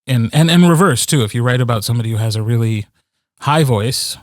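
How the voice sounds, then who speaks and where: A man's voice: medium pitch, fairly quick, dry recording, clean studio sound. Chatty man with lots of "like"s. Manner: animated, many fillers and restarts. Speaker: audiobook narrator, co-host. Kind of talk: casual podcast chat.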